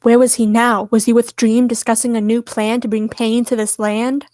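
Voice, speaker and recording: A woman reading fan fiction aloud to friends on a stream, steady and soft in the sad parts. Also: fairly high pitch, moderate pace, few pauses, no room sound.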